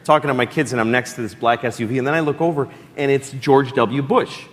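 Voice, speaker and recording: A middle-aged man telling stories as a talk show guest, acting out his own excited reactions. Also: fast talker. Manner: animated, acts out his own reactions in high excited bursts. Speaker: comedian guest. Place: talk show studio with audience. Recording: roomy studio with audience laughter.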